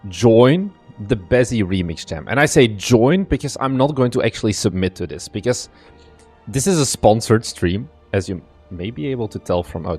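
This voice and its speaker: A man's voice: medium pitch, husky. A young man from Belgium with a strained, partly lost voice, chatting casually on a live stream as a game developer, greeting viewers by name and rambling.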